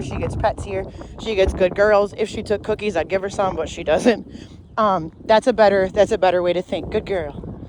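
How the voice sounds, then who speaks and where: A woman's voice: mid-range voice, a little mellow, a little hiss or hum. A woman dog trainer walking a dog outdoors, explaining each step of her method to viewers and stopping to praise the dog. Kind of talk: instructional demonstration while walking a dog.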